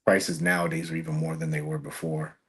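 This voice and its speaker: A man with a very low, deep voice talks as a podcast guest. He is relaxed and easygoing, recalling when he was first starting out in a casual storytelling way. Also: a little fast, slightly rough. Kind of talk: casual chat.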